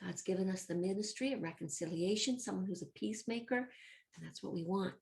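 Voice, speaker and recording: A woman's voice: medium pitch, a little fast, vocal fry, darkish tone. Upbeat woman teaching Latin to children. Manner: upbeat, encouraging, addresses children directly; chants word forms in rhythm. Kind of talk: recorded homeschool lesson review.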